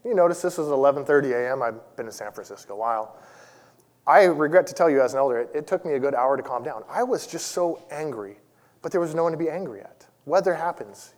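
A man's voice: a little high, lively intonation, fast talker. Storytelling male preacher in a big hall. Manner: conversational storytelling with self-deprecating humor. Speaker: church elder preaching. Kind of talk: sermon. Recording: long reverb of a large hall.

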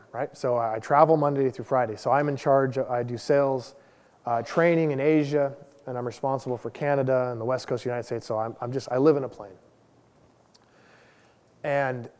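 A man's voice: medium pitch, darkish tone. A man in his forties, a lay pastor, giving a conversational sermon with a casual, self-deprecating personal story. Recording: long hall reverb.

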